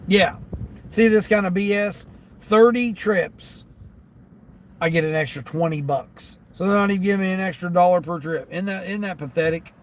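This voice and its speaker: A man who drives for delivery apps, talking casually to his viewers from his car and grumbling as he thinks out loud about the orders he gets. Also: high voice, normal speed, slight background noise. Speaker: gig delivery driver vlogger. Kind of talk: casual talk while driving. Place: inside a car.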